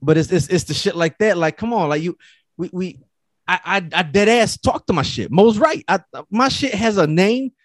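A man's voice: high-pitched, moderate pace, no room sound. A man in casual chat, telling stories with lots of swearing and acting out what people said. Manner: animated storyteller, profane, acts out quotes.

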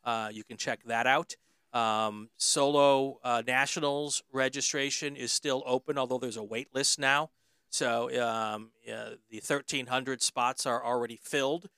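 A man hosts a casual interview podcast, filling his sentences with ums and uhs. His voice is bright and smooth. The recording is dry, with no room sound. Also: medium pitch, fairly even intonation, a little slow, no room sound. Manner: hesitant, lots of ums and uhs. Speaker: podcast host.

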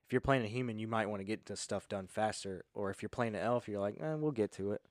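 A man's voice: fairly low pitch, quick pace, no room sound, clean studio sound. A young man casually explains game character rules on a podcast, full of fillers. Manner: relaxed, filler-heavy explaining. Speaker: podcast host and game master.

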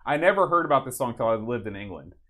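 A man's voice: mid-range voice, animated, quick pace, bright, forceful tone. Easygoing man hosting a chat. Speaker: podcast host. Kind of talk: casual chat.

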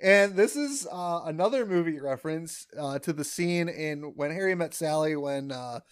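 A man's voice: a little high, animated, normal speed, clean tone. A man co-hosting a podcast in casual chat, recapping a cartoon episode in a laid-back, rambling way. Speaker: podcast co-host.

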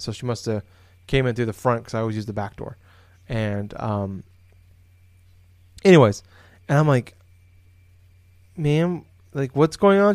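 A man's voice: medium pitch, no echo. A man with a mid-range voice tells a story in casual podcast chat, full of fillers and restarts. The sound is dry and close, recorded at home. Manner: rambling, lots of fillers and restarts. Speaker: podcast co-host. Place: home office, indoors.

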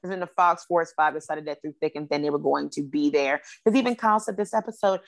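A woman co-hosting a casual podcast chat about reality TV, blunt and sarcastic, with quick asides. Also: low voice. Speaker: podcast co-host.

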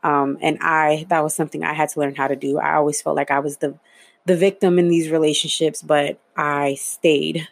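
Candid, low-voiced woman telling her story. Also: little pitch movement, fast, gravelly. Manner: candid, swears freely, many fillers. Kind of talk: casual personal storytelling.

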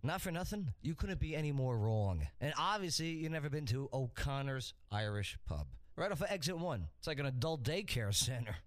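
A man's voice: medium pitch, animated, a little fast, hardly any pauses, dry recording. A man reading a radio ad in a punchy, salesy way, rattling off lists. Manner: punchy, salesy list-making. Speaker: pub advertiser. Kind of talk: radio ad read.

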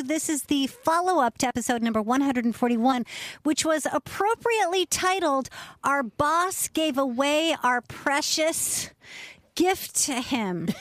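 A woman's voice: sits high, dry recording, studio quality. A woman radio host acting out a mock courtroom on a podcast, playful and theatrical, questioning like a lawyer.

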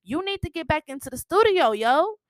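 A woman's voice: high-pitched, sing-song, fairly quick, no room sound, studio quality, voice pushed up. A woman voicing a pushy young woman singer who urges her friend on, in a casual recap. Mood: urging.

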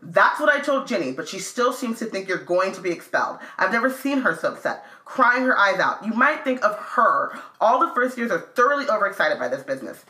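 A woman reading aloud and voicing a pompous, fussy teenage boy prefect who scolds slowly and sternly. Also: medium pitch, big pitch swings, bright, forceful tone, reverberant, rough recording. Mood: scolding.

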